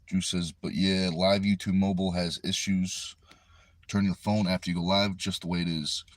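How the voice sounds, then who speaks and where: A man's voice: sits low, little pitch movement, moderate pace, no room sound. A man hosting a casual livestream from inside a car, talking into a phone propped on the steering wheel and reading viewer comments aloud in an easygoing, chatty way. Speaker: livestream host. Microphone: phone resting on the steering wheel.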